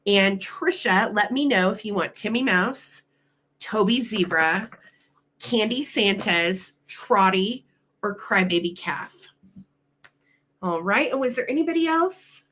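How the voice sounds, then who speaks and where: Animated and fairly bright, she takes things slowly at a medium pitch. The middle-aged host of a live vintage sale, she delightedly coos over old children's books, reads them aloud and runs bids, talking straight to her chat viewers.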